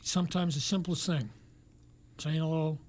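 A man guesting on a radio talk show, speaking in a reflective, soft-spoken way that sometimes drops almost to a whisper. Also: a little high, steady tone, normal speed. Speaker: guest actor.

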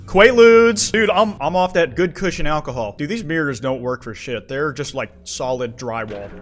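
A young man streaming a video game, swearing, talking to the screen and yelling when things go wrong. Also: a little high, normal speed, faint music behind. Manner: excitable, profane, yells and shrieks at the game. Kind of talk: gaming commentary.

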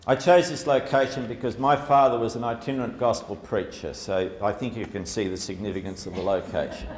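Man giving a humorous talk. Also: lowish voice. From Australia. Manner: chatty, humorous, many fillers. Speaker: speaker. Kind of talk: storytelling public talk with slides. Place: lecture hall before an audience. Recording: echoey hall, faint background noise.

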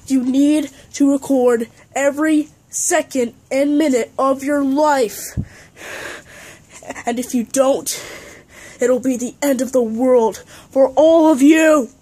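A woman's voice: high-pitched, dark tone. A woman playing a bossy, short-tempered young film director in an amateur comedy sketch, scolding and exasperated.

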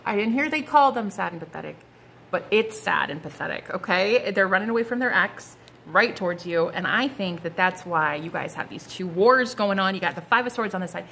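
A woman's voice: medium pitch, expressive, fairly quick, gravelly, a bit bright, slight background noise. A woman giving a casual, gushing tarot reading, full of slang and asides. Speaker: tarot card reader.

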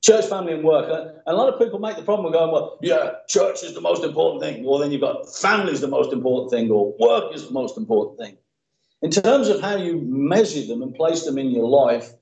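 A man's voice: fairly high pitch, dark tone, reverberant, rough recording. A man preaching a sermon as pastor, earnest and emphatic with mocking asides. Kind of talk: sermon with opening prayer. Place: church sanctuary.

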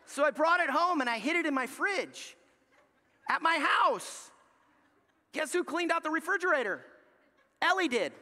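Man, sermon, very lively pitch, forceful tone, acts out dialogue. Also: normal speed. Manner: animated storytelling, acting out family dialogue. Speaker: pastor. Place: large church sanctuary. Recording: live church hall reverb.

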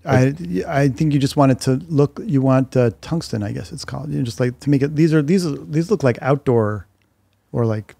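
Gravelly, wry middle-aged man. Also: mid-range voice, moderate pace, dark tone, no echo. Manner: wry, joking. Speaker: guest, film director. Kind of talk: casual chat. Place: home living room.

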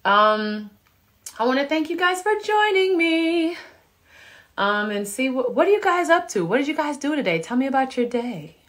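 A woman in her thirties hosting a casual live stream from home on a phone, chatting with viewers and reading out their comments in a relaxed, chatty way. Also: medium pitch. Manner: relaxed, chatty, laughing asides. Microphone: phone camera.

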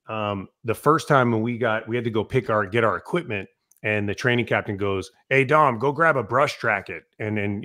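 A middle-aged man, a fire captain, telling casual stories from his early days and acting out the quotes loudly and with swearing. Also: on the low side. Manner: animated storyteller, swears, acts out quotes loudly. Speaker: podcast guest, fire captain. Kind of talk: casual storytelling.

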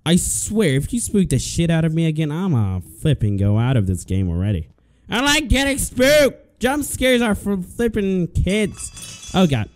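High-pitched guy doing horror game commentary, voice swings wildly, nervous rambling, yelps at scares. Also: big pitch swings, normal speed. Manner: jumpy, nervous chatter with sudden yelps and shouts; talks to the game's monster, swears and mutters to himself. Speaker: let's play gamer.

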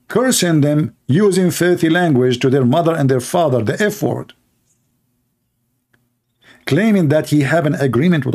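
Middle-aged man, gravelly, emphatic livestream host. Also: on the high side, a little mellow. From Arab world. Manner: emphatic, repetitive, heated. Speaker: Christian apologist host. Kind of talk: livestream commentary.

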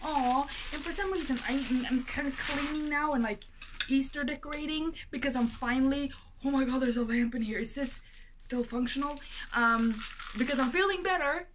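A young woman vlogging from her apartment as she unboxes a package, chatty and excitable, gasping and exclaiming with lots of fillers. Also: high-pitched, normal speed, noisy background. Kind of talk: casual unboxing vlog.

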